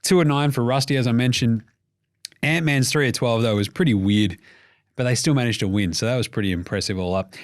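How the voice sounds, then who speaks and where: A man with an Australian accent hosting a casual sports podcast, jokey and animated, swearing freely. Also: mid-range voice, a little fast. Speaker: podcast host.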